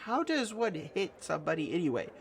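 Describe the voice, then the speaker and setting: A man's voice: a little high, sing-song, brisk, gravelly, slight background noise. A man voicing a timid, sweet little woman who talks in a meek, pleading, apologetic way. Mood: flustered. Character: timid sweet tiny woman, gentle and anxious.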